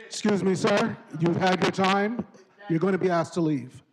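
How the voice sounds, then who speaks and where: A man moderates a public hearing in a firm, formal manner. His voice sits slightly higher than most men's. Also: moderate pace, low-quality recording.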